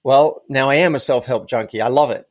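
A man's voice: medium pitch, fairly quick. A man speaking as a podcast guest, telling personal anecdotes in an emphatic, conversational way and repeating words to stress them. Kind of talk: casual interview storytelling.

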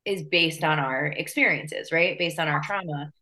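Woman podcast host, lower pitch; reflective, chatty, checks in with her guest. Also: moderate pace, sharp tone. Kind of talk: casual conversation.

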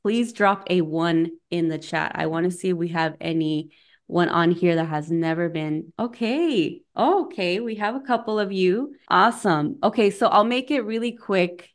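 A young woman hosts a friendly webinar over a video call, chatty and open, dropping in bits of Spanish as she talks. Her voice sits a little low and comes through smooth and clear. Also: measured pace. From United States, Mexican family. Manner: warm, chatty, mixes in Spanish phrases. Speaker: coach and workshop host. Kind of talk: conversational webinar talk.

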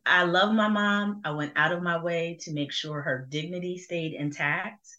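Middle-aged woman from New Jersey, deep bright voice, earnest reflective testimony, lo-fi sound. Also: normal speed. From Burlington, New Jersey. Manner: earnest, reflective, with many fillers. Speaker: guest. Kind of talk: personal testimony in conversation. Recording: dull lo-fi sound.

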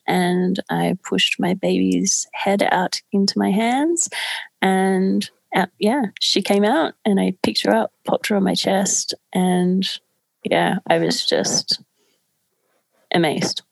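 A woman's voice: mid-range voice, a little slow, creaky, no echo. A woman candidly telling a personal story in casual chat, with many fillers. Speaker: podcast guest.

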